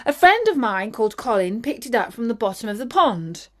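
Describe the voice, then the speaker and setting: A woman's voice: fairly high pitch, sing-song, a little fast. A woman voicing an earnest, polite young frog prince in a storybook reading, with an eager, friendly manner. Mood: protesting.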